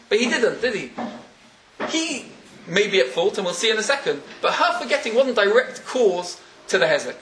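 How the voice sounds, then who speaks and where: A man with a notably high voice leads a Talmud class, firing questions at his students and laughing between points. The room is echoey. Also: lively intonation, fast talker, noisy background. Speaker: teacher.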